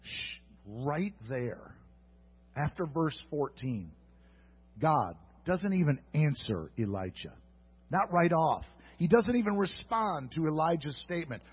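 A pastor preaching a sermon in an earnest way, moving between hushed reflection and fervent exhortation. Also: male voice, on the high side, big pitch swings, measured pace, breathy edge, muffled recording.

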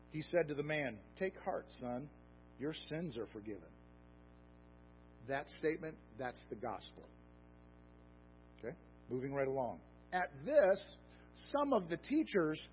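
A man preaching a sermon, animated and conversational, swinging from emphatic peaks to low, soft asides. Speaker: pastor. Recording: dull lo-fi sound with faint music.

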